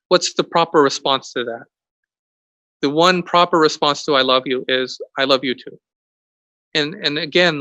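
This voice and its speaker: A man's voice: a little high, pushed and bright, no echo. A priest speaking to young people in an earnest, conversational way, often restarting his sentences. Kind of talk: youth talk sermon.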